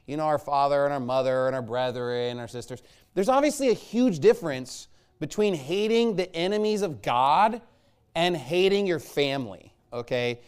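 A man preaching a conversational sermon, emphatic, punching his points and tagging them with "okay?" and "all right?". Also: smooth. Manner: lively, jumps between loud stresses and low asides.

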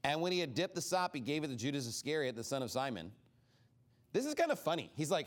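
A fast-talking man with a slightly high voice leads a casual, informal Bible study sermon. He's animated, acting out the people he quotes and scattering "like" fillers throughout.

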